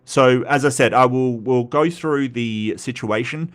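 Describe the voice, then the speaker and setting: A man's voice: medium pitch, measured pace. A man with an Australian accent hosting a live stream, chatting casually and reading chat comments, rambling with frequent stutters and restarts.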